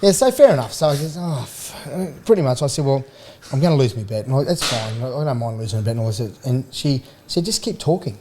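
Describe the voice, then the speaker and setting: A middle-aged Australian man from Queensland, once a rugby league player, is a podcast guest in a radio studio, telling rambling stories in a casual chat full of restarts and laughter. His medium-pitched voice is mellow, animated and fast, with slight background noise.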